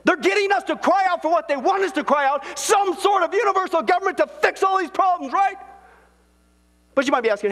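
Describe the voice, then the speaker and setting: A man's voice: very high voice, lively intonation, a little fast, a bit bright, big-room sound. A man preaching as a pastor, fervent and insistent, repeatedly addressing his listeners as folks. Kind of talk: preaching to camera.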